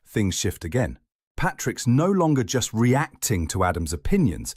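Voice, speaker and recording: A man's voice: on the low side, big pitch swings, moderate pace, darkish tone, husky, dry recording, clean studio sound. A man reading scripted narration in a dramatic, explanatory way.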